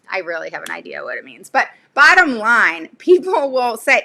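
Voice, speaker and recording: A woman's voice: a little high, very animated, a little slow, vocal fry, pushed and bright. A woman speaking as a special education advocate to her viewers, blunt and fired up, with many "okay?" tags and rambling asides. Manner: rambling asides and sudden laughs. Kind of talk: casual livestream talk to viewers.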